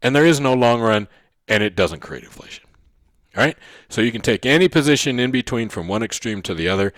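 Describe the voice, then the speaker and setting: A man teaching an economics lesson, who often checks in with "okay?" and "right?" and repeats key points slowly to stress them. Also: mid-range voice, animated, fairly bright tone, dry recording, clean studio sound. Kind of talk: recorded lecture.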